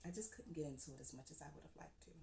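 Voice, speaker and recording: A woman talking casually about books she has read, chatty and quick to giggle, calling her listeners "honey.". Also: low voice, vocal fry, warm tone, a little hiss or hum. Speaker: book reviewer. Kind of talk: casual chat. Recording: roomy echo.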